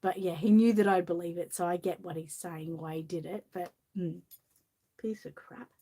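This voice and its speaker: A woman's voice: fairly low pitch, fairly even intonation, moderate pace, dark tone. Woman, Australian accent, giggly, chatty, casual talk, storybook reading. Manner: giggly, chatty, often laughing. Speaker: channel host.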